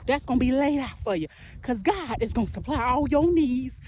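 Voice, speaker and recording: A woman's voice: sits high, lively intonation, normal speed, background noise. A woman preaching an impassioned prophetic sermon in a rhythmic, repetitive way, calling the listener "baby".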